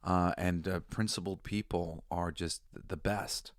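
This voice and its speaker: A man's voice: low voice, fairly even intonation, unhurried, dry recording, clean studio sound. A man hosting a podcast, giving a rambling, profane, emotional review in casual chat. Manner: rambling, profane, with restarts and laughter. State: tearful. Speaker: podcast host. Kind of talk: casual enthusiastic review monologue.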